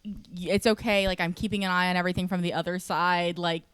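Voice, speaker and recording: Clear-voiced woman recounting events. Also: on the low side, fairly even intonation, fast talker, a bit bright, no echo. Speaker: podcast co-host. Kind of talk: casual chat.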